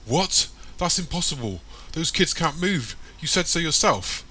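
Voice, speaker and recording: A man voicing a worried young woman who tries to keep calm and comfort a friend. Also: fairly low pitch, normal speed, a little hiss or hum. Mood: shocked.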